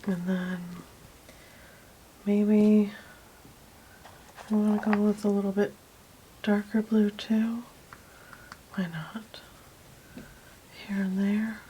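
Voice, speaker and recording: A woman hosting a paint-along art video, talking slowly and softly and often dropping into a near whisper while she works. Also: mid-range voice, a little hiss or hum. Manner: slow, soft-spoken, often drops to a whisper while working; calls her quiet talk her calm thinking voice. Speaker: art channel host.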